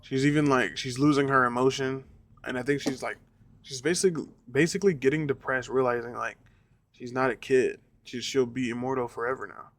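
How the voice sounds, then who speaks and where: A man's voice: mid-range voice, steady tone, a little fast, a bit bright. A young man giving a casual, rambling spoken review of a show, often repeating himself and swearing when he gets annoyed. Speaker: reaction reviewer.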